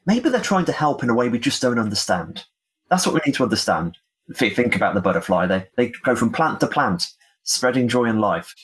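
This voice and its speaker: A man's voice: mid-range voice, sing-song, a little fast, a bit bright, slightly rough. A man playing an elderly woman who collects butterflies, speaking in a grand, flowery way in a tabletop game. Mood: effusive.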